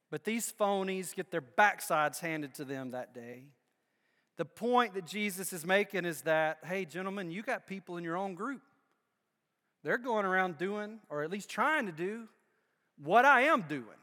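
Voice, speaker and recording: Pastor, male, high bright voice, emphatic sermon delivery with playful asides; reverberant hall. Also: moderate pace.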